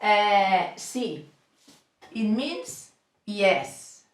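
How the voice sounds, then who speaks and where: Woman teacher, unhurried and repetitive, roomy echo. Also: mid-range voice, expressive, distant mic. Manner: slow and deliberate, repeats each sound with frequent "okay?" checks. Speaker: Spanish teacher. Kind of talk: slow step-by-step language lesson. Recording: echoey room, voice off the mic.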